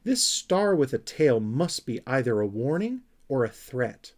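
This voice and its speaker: A man's voice: mid-range voice, sing-song, measured pace, darkish tone. A man voicing an earnest, curious young male troll who leads his friends. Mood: thoughtful.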